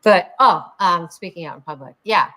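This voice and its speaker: A woman's voice: lowish voice, animated, normal speed, fairly bright tone. A woman co-hosting a casual podcast, talking hesitantly with many fillers and restarts.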